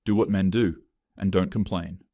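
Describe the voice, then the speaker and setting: A man's voice: deep voice, steady tone, normal speed, mellow, no echo. A man voicing a blunt, teasing adult brother in a scripted story, speaking matter-of-factly.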